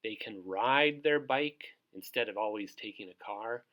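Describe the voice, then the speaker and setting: A man's voice: on the low side, unhurried, fairly bright tone. A male teacher hosting a children's read-aloud, cheerful and encouraging as he talks to little kids. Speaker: teacher reading to young children.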